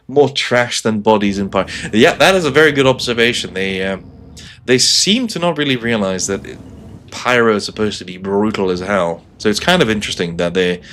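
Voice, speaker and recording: A man's voice: fairly low pitch, fairly bright tone, slight background noise. A man streaming a game live, chatting casually with sarcastic jokes and frequent laughs. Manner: joking, laughs often, sarcastic asides.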